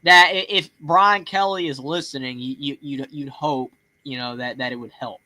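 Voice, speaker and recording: A man's voice: medium pitch, steady tone, moderate pace, bright, forceful tone, no echo. A man with a Southern US accent hosting a call-in sports show, talking in a rambling casual way with plenty of fillers and restarts. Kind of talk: casual chat.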